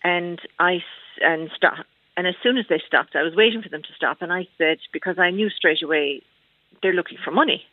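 This Irish caller to a radio phone-in has a fairly low, brisk voice with no room sound. She comes through a tinny phone line, hesitant and restarting often amid many fillers.

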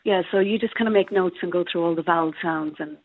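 A woman who narrates audiobooks, talking in a chatty, lively way and laughing easily as an interview guest. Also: lowish voice, fast talker, no room sound. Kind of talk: interview guest over a remote line. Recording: tinny phone-like line, dry.

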